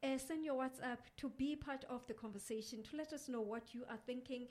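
A woman hosting a radio show from the studio, presenting in an energetic, upbeat way. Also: sits high, a little fast, few pauses. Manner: energetic, upbeat, lists off places with flair.

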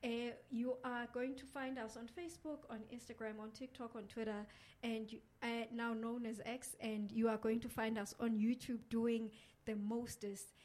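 A woman hosting a radio show from the studio, presenting in an energetic, upbeat way. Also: a little high, moderate pace. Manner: energetic, upbeat, lists off places with flair.

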